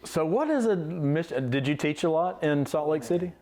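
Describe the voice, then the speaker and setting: A man's voice: on the high side, lively intonation, normal speed, darkish tone. A man hosting a casual interview, giving short, encouraging replies and asking simple follow-up questions. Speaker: interview host.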